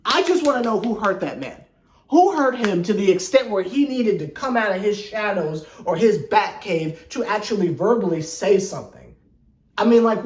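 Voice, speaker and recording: A basketball channel host giving casual, slangy sports commentary, excitable and rambling, often stumbling and repeating words. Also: mid-range voice. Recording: echoey room.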